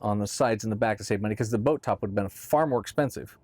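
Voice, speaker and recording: A man's voice: on the low side, quick pace, darkish tone, no echo. A man casually explaining boat gear in a conversational how-to talk, often checking in with "right?". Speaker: boat owner explaining boat tops.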